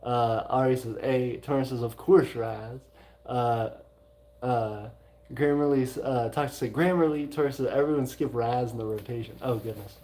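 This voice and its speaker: Reading viewer messages from his livestream chat, a host with a Southern US drawl sounds relaxed and mellow. He hesitates a lot, dropping many "uh" fillers and mild exclamations, all at a medium pitch and normal speed.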